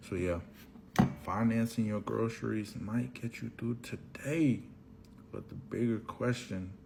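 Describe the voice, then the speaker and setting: A man's voice: fairly low pitch, measured pace, vocal fry, heavy background noise. A man giving earnest, explanatory commentary with a scripted delivery.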